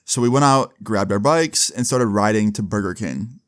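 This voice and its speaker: A man with a fairly low voice tells a story in a casual, laid-back way, with frequent swearing and many uses of 'like'. His voice sounds dry and close, with no room echo. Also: normal speed. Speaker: storyteller vlogger.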